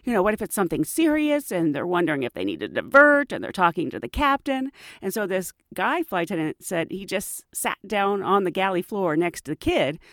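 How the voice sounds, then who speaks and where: A woman hosting a podcast, telling stories in a casual, animated way and laughing often. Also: lowish voice, brisk, few pauses, no echo, clean studio sound. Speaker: podcast host. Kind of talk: casual storytelling chat.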